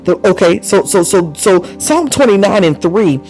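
A man's voice: high-pitched, lively intonation, moderate pace, a little mellow, soft background music, rough recording. A man preaching a charismatic sermon, fervent and repetitive, with bursts of praise and speaking in tongues. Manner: exclaims praise often.

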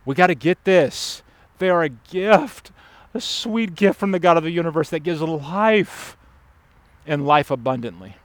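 A man preaching a sermon as pastor, emphatic and urgent, dropping to hushed stress on key words. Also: a little high, animated, unhurried, no room sound. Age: adult father.

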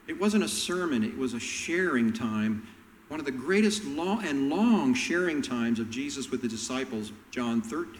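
A man preaching a sermon, telling Bible stories and acting out the characters' lines with animated voices. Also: mid-range voice, long reverb tail, slight background noise, rough recording. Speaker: pastor.

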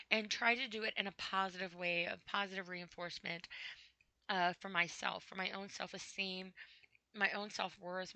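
A woman hosting a podcast, talking slowly and haltingly about her own feelings, with a dry throat that she clears often. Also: mid-range voice, bright, forceful tone, no room sound, poor audio. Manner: slow, halting, with frequent throat clearing and sighs. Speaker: podcast host. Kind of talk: personal spoken reflection.

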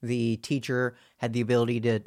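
A podcast co-host telling nostalgic childhood stories in a relaxed, casual way. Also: mid-range voice, brisk, smooth. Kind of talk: casual storytelling chat.

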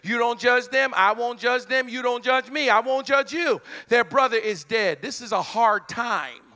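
A male preacher delivering a sermon, conversational and emphatic, hollering at peaks and dropping into quick asides. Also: extremely high pitch, pushed and bright.

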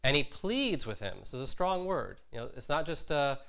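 A man preaching a sermon in a relaxed, conversational way. He pauses on fillers, restarts his phrases, and acts out the quoted lines. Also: medium pitch, creaky.

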